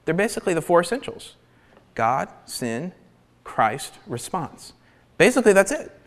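A man preaching a sermon, animated and emphatic, sometimes dropping his voice to a near-whisper for emphasis. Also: high-pitched, moderate pace, in a large hall.

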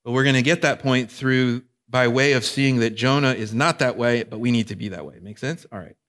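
A man's voice: mid-range voice, brisk, a bit bright. Male pastor, sermon delivery, conversational, engages listeners.

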